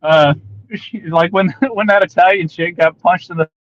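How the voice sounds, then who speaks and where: A man co-hosting a podcast, making dry, deadpan remarks in a casual chat. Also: high voice, measured pace, no echo, dull audio.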